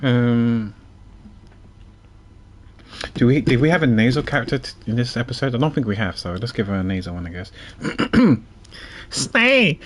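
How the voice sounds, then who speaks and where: A man's voice: mid-range voice, a little fast, pauses often, a little mellow. Musing male streamer. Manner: musing, thinking aloud. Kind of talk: casual game commentary.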